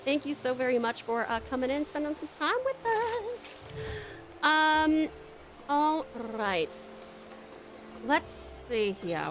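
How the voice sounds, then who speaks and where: Over music, a woman from Tasmania with an Australian accent chats casually with viewers while playing a game on a live stream. Her voice is high-pitched and sing-song, slow with frequent pauses, and she rambles, swears and laughs a lot.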